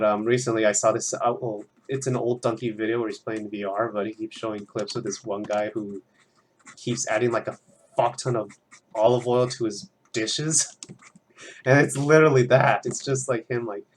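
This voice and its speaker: An art student on stream chats and rambles casually while working on a drawing at home, swearing freely. The young man's voice is fairly low and steady at normal speed, with slight background noise.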